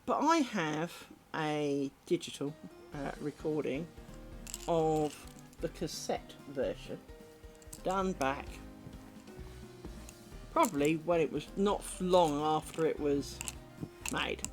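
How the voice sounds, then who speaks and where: A woman's voice: low-pitched, expressive, slow, pauses often, soft background music. A woman streaming her lace-making, chatting casually and rambling, with the odd swear word. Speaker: craft streamer.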